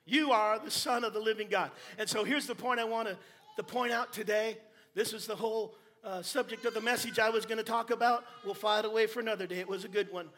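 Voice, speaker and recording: A man preaching a sermon, swinging between quiet asides and shouted emphasis, with playful jokes and wordplay for the congregation. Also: sits high, fairly even intonation, fast talker, a little hiss or hum.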